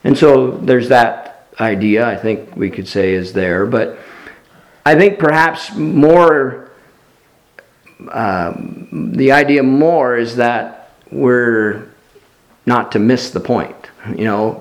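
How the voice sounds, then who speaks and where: A man preaching a sermon as a pastor, in an unhurried, earnest way, often restarting his sentences and filling pauses with "uh" and "you know". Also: mid-range voice, lively intonation. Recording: roomy echo.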